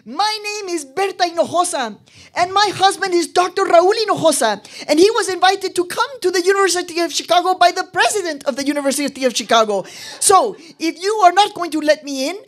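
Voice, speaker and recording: A woman doing a high, fierce little mother. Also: lively intonation, fairly quick. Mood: insistent. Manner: firm, insistent, formal. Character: small, fierce Mexican mother standing her ground.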